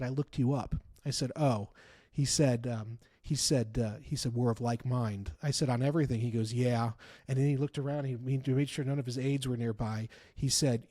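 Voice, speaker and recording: A man talking politics as a guest in a casual conversation, telling stories with emphatic repeats and bursts of loud laughter. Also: mid-range voice. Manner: animated storyteller, laughs loudly, repeats for emphasis. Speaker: author and guest.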